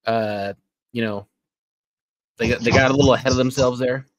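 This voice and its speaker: A man's voice: mid-range voice, fairly even intonation, normal speed, dry recording, rough recording. A young man co-hosting a casual podcast, laid-back and slangy, running through the news. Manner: laid-back, says dude and bro. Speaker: podcast co-host. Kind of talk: casual chat, reading news.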